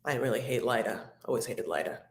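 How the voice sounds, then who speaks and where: A woman's voice: a bass voice, expressive, a little fast. A woman hosting a live recap stream, chatting casually and rambling fondly to her viewers. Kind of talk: casual chat reading viewer comments. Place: home room. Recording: roomy echo.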